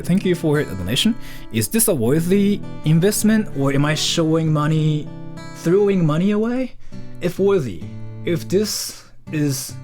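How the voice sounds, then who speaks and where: A young man from Japan with a Japanese accent, chatting on a livestream and reading out donations in a joking, animated way with lots of filler words. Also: fairly high pitch. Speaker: streamer.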